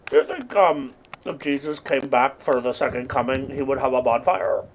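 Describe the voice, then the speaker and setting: Deadpan rambling young man gaming. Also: mid-range voice, moderate pace, a little hiss or hum. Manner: rambling deadpan non-sequitur jokes. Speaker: gaming streamer. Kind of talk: absurd comedic gameplay commentary.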